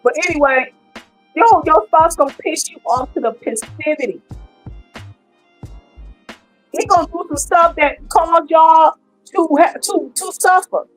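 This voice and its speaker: Middle-aged woman, high voice, live-stream host talking to her chat, faint music under her. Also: moderate pace, poor audio. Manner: animated, talks to her viewers. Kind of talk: casual live-stream commentary.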